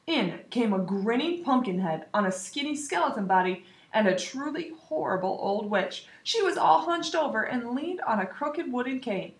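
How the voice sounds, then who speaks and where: A woman teacher reading a children's book aloud in an expressive, animated way. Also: a little high, normal speed, hardly any pauses. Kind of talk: storybook read-aloud. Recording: roomy echo.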